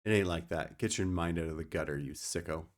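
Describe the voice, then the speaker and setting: A man's voice: sits low, brisk. A young man streaming a card game, explaining his moves and joking with his chat. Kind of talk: casual gameplay commentary.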